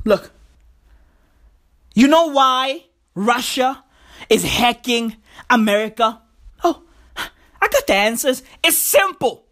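A woman in a comedic rant, animated and shouty, full of profane slang. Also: high-pitched.

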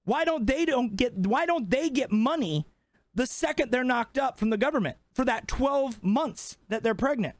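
A man's voice: very high voice, expressive, moderate pace, dry recording. A man in his twenties co-hosting a podcast, ranting heatedly and swearing constantly. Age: 20s. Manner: profane, fired up, emphatic. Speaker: podcast co-host. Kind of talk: heated casual rant.

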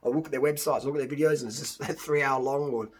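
An Australian man speaks straight to camera in a loose, unscripted monologue. His voice carries a husky, slightly breathy edge at a mid pitch. He rambles and often leaps into higher mocking voices to imitate other people. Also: fast talker. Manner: animated, mimics others in high put-on voices. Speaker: vlogger.

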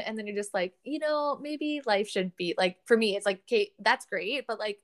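A woman's voice: medium pitch, moderate pace. A woman in her thirties hosting a casual podcast chat, talkative, laughing often and swearing freely. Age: 30s. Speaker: podcast host.

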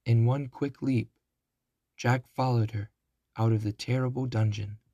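Male narrator for a kids' chapter book, unhurried, dry close mic. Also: medium pitch, steady tone, warm tone, dry recording, highs cut off. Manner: slow, deliberate. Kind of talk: children's storybook reading.

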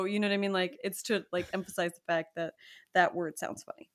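A woman's voice: fairly low pitch, steady tone, fast. A woman co-hosting a casual podcast, playful and laughing often. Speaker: podcast co-host.

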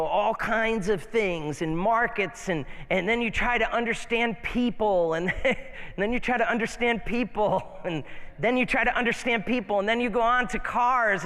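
A man's voice: sits high, bright, forceful tone. A pastor in his fifties preaching a sermon in a conversational, folksy way, with frequent asides and restarts. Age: 50s. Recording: long reverb of a large hall.

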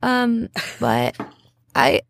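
A woman voicing a sweet young female bunny spirit who gushes bashfully in a squeaky voice. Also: very animated, drawn-out words, vocal fry, full character voice. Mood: earnest.

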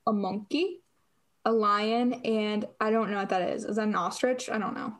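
A young woman's mid-range voice keeps fairly even intonation and a moderate pace as she co-hosts a podcast. She chats casually and rambles, using lots of fillers and restarting often.

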